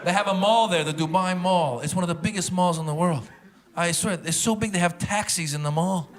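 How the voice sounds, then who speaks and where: A middle-aged man performing a stand-up comedy set before a live audience, telling animated stories and slipping into character voices. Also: high voice, fairly quick. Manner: animated storytelling, switching into accented character voices. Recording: loud crowd and noise from a live show.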